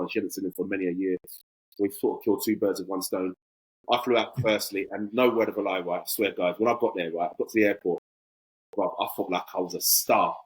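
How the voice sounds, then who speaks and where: A man's voice: lowish voice, slightly rough, poor audio. A man in his forties, a podcast guest telling a casual anecdote with animation and acting out both sides of conversations.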